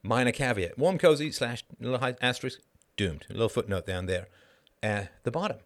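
A man's voice: medium pitch, a little fast. A man hosting a livestream, talking casually and acting out the people in his stories. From Canada. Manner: animated storytelling, acts out quoted people. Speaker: livestream host. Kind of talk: casual monologue.

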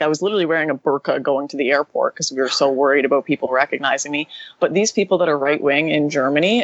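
A woman guest in an interview recounting her experience quickly and animatedly, full of "like" fillers. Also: low voice, no echo, muffled recording. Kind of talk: casual interview storytelling.

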